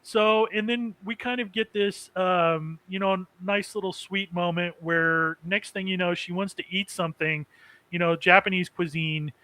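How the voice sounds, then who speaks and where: A man's voice: sits high, steady tone, a little slow, sharp tone, low-quality recording. A man hosting a casual anime recap, rambling with many fillers and chuckling as he goes. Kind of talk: casual chat.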